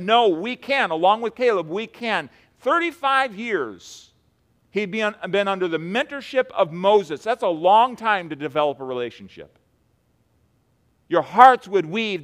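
A man preaching a sermon as pastor, swinging between hushed and loud emphatic delivery, with frequent restarts. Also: high voice, animated, unhurried. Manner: repeats words, many restarts.

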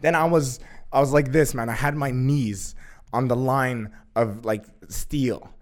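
A young man in casual chat, telling a story excitedly, swearing a lot and acting out what others said. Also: medium pitch, measured pace. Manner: excitable, profane, acts out quotes with laughter.

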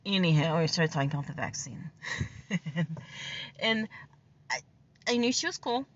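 A woman's voice: sits low, big pitch swings, measured pace, lo-fi sound. A woman telling a personal story in a casual, rambling way, full of fillers and small laughs. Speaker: vlogger.

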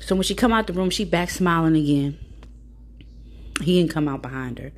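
A woman's voice: low voice, lively intonation, normal speed. A woman in a casual storytelling monologue, giving blunt, profane, preachy advice to mothers.

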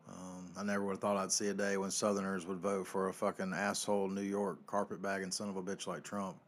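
Guy ranting on his podcast, lowish voice, cussing a lot, loud one sec and muttering the next. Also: little pitch movement, a little fast. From North Carolina. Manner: profane, ranting, swings between yelling and muttering. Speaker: podcast host. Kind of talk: casual ranting monologue.

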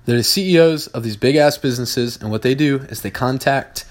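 A man in a casual podcast monologue, speaking bluntly and cursing freely. He hammers points home by repeating them. His voice sits in an ordinary middle pitch. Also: fairly quick. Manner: blunt, profane, emphatic repetition. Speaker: podcast host, business owner.

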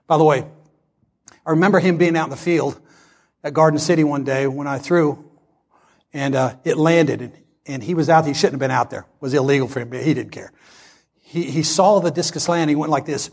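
Telling a personal story in his sermon, this sixty-something preacher gets animated and performs each line of dialogue. He speaks a little fast, pitched on the high side, with some vocal fry.

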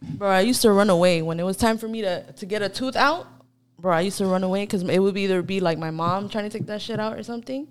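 A woman chatting casually on a podcast, relaxed and slangy, with lots of filler words. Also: medium pitch, fast talker, smooth. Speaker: podcast co-host. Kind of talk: casual chat.

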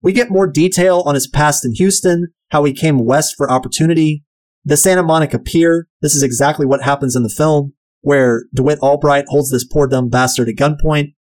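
A man's voice: fairly high pitch, moderate pace, darkish tone. A man talking through a book-to-film comparison in a blunt, chatty way, swearing freely. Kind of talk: casual commentary.

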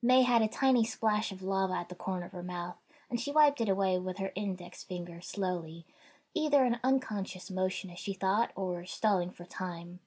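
A woman narrating a first-person fan fiction story in a wry, conversational way, raising her voice for shouted dialogue. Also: medium pitch, normal speed, slightly rough. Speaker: audiobook narrator.

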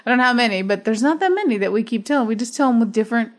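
A woman's voice: on the high side, expressive, racing. Laughing, chatty woman podcast co-host. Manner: chatty, laughs often, thinks aloud. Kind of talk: casual movie review chat.

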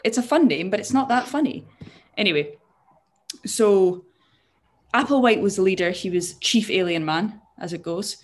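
A woman's voice: mid-range voice, animated, moderate pace, pauses often. A young woman co-hosting a casual chat show, explaining a story in a jokey, swearing way with frequent laughs and restarted words. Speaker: podcast co-host.

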